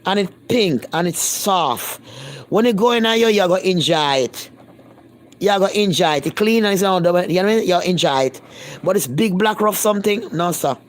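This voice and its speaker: A Jamaican woman vlogger with a lowish voice, lively intonation and moderate pace chats casually with her live-stream viewers in thick patois. She speaks bluntly and emphatically, repeating lines to drive her point home.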